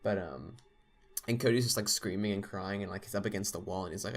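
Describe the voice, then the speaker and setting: A man's voice: fairly low pitch, steady tone, quick pace. A young man telling a long story in casual podcast chat, rambling with lots of fillers. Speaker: podcast co-host.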